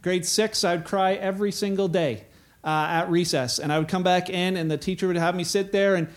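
A man's voice: sits high, fairly even intonation, a little fast. A man preaching a sermon in a conversational way, acting out the voices he quotes.

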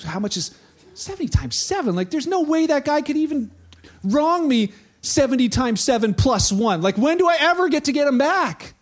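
A man's voice: very high-pitched, sing-song, normal speed, few pauses, fairly bright tone, pitched above the performer's own voice, full character voice. A man voicing an indignant disciple who is exasperated at how much he must forgive. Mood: incredulous. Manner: exasperated, incredulous.

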